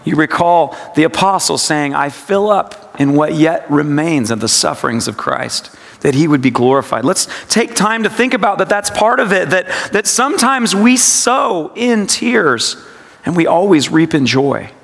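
A man giving a devotional sermon, speaking slowly and reflectively and repeating scripture lines with shifting emphasis. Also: a little high, gravelly, a bit bright. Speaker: pastor. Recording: long reverb, hall-like.

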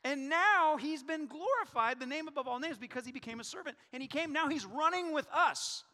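A man preaching a sermon as pastor, animated and joking, acting out prayers and quotes. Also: extremely high pitch, fairly quick, in a large hall.

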